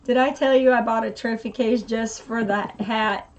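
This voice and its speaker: A woman's voice: a little high, fairly even intonation, normal speed, muffled recording. A woman co-hosting a casual live stream, upbeat and laughing often as she greets viewers and reads their comments.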